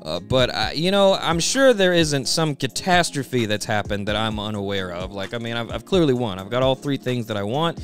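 A man voicing a smug, scheming male crime boss who talks in a low, dismissive tone. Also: expressive, moderate pace, hardly any pauses, faint music behind, lightly acted.

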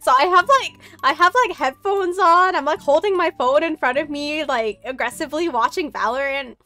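A woman's voice: high-pitched, normal speed, sharp tone. A young woman streaming from home, telling a story in a casual chat, rambling with many fillers and laughing often.

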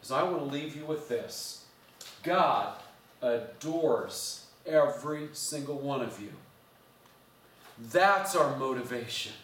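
A man, a pastor, preaching a sermon with earnest storytelling that often drops to a soft, intimate hush. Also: medium pitch, lively intonation, takes it slowly. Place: church sanctuary. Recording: roomy church sound, mic at a distance.

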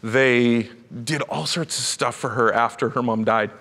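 A man's voice: medium pitch, fairly even intonation, unhurried, fairly bright tone. A middle-aged man preaching a sermon, telling stories animatedly and acting out the voices in them. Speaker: pastor. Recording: reverberant church hall.

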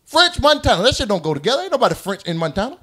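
Animated high-voiced man. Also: rapid-fire. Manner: loud, animated, laughing and cursing. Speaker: podcast host. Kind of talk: casual group chat.

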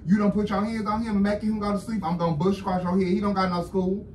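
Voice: mid-range voice, flat delivery, fast, a little mellow. An adult sibling scolding and threatening in a family argument. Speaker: sibling defending the mother. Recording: echoey, distant, noisy home recording.

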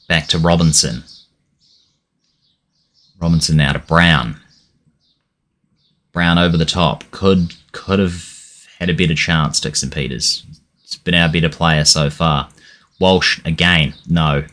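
A young man commentating on his own football management game, getting frustrated, swearing, and shouting at his players. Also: low voice, unhurried, long pauses. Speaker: gaming channel host. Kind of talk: let's-play commentary.

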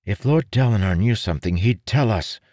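An anxious, bewildered young man who keeps questioning and pleading, as a man puts him on. The voice is raised well above the reader's own deep tone, in a dry, close storybook recording. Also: lively intonation, fairly quick, darkish tone, no room sound, lightly acted.

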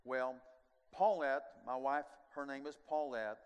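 An older man preaching a sermon, telling a personal testimony as an animated storyteller who swings from hushed to loud with chuckling asides. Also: mid-range voice, measured pace, smooth, dull audio. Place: large church sanctuary. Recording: long reverb of a large sanctuary.

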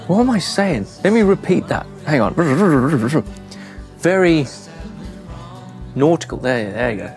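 A young man vlogs his van build straight to camera from inside the van, chatty and poking fun at himself. His voice sits on the high side and is a little mellow.

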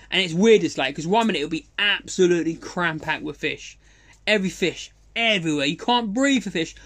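A middle-aged Englishman telling a rambling fishing story in casual chat, excitable, swearing, full of restarts and sound effects. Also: sits high. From England.

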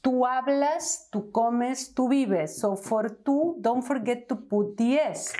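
A woman's voice: a little high, takes it slowly, dark tone, slight background noise. A woman with an Argentine accent, a Spanish teacher explaining grammar patiently at a whiteboard, checking in often with the class. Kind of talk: whiteboard language lesson.

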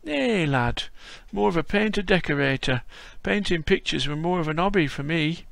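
A man putting on the voice of a very old, frail, friendly man with a Yorkshire accent, speaking in slow homely dialect. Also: a little high, animated, creaky, fairly bright tone, no room sound, voice pushed up. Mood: reminiscing.

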